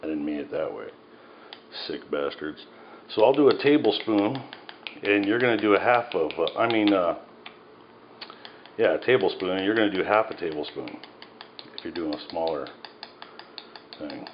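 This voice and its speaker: Deep-voiced man rambling through a recipe. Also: lively intonation, normal speed, pauses often. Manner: rambling, self-mocking, joking asides. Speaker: home cook. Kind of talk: casual cooking video. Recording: dull sound, faint background noise.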